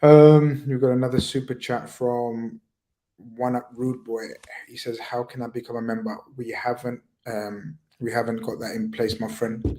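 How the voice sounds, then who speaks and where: Relaxed man hosting a stream. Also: mid-range voice, poor audio. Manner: relaxed, reads viewer super chats aloud. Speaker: host. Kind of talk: casual live-stream chat.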